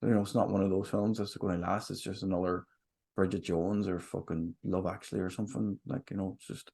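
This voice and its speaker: Low gravelly-voiced man, blunt and sweary podcast co-host. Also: fairly even intonation, fairly quick, warm tone. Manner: blunt, heavy swearing, lots of fillers. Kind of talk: casual movie review chat.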